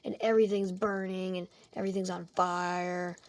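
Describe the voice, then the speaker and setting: A woman's voice: lowish voice, little pitch movement, moderate pace. A woman telling an improvised comedic game story, rambling and jokey and often breaking off mid-sentence. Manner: rambling, jokey, self-interrupting.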